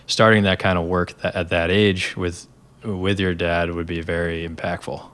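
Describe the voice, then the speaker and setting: A man's voice: deep voice, little pitch movement, moderate pace, fairly bright tone, clean tone. A male podcast host interviewing a guest, often affirming and winding through long questions with restarts. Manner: encouraging, frequent affirmations, rambling question setups. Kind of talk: casual interview conversation.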